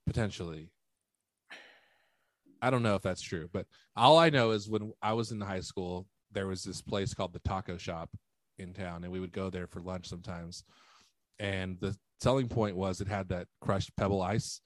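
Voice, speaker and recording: Joking low-voiced podcast guy. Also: steady tone, moderate pace, no echo. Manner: joking, emphatic storyteller. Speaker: podcast co-host. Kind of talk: casual chat.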